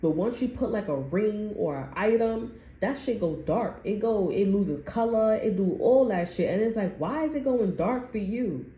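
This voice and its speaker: A woman's voice: medium pitch, animated, normal speed, hardly any pauses, warm tone. A woman giving a reading in casual chat, telling a story in loose, profane slang and laughing often. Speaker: tarot reader. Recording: echoey room, faint noise.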